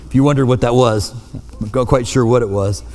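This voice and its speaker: A man's voice: mid-range voice, steady tone, brisk, a little mellow. A male pastor giving a sermon from a church pulpit, talking in a conversational way with self-deprecating asides. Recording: long hall reverb.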